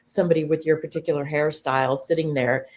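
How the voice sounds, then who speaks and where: Low-voiced woman explaining thoughtfully. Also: fairly even intonation, fast talker. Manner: thoughtful, explanatory, with fillers and restarts. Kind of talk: conversational discussion.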